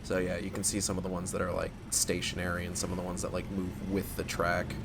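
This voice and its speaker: A man's voice: low voice, completely flat delivery, fast talker, vocal fry, heavy background noise. A man giving casual, sarcastic commentary while playing a horror game, swearing often. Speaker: gamer. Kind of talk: let's play commentary.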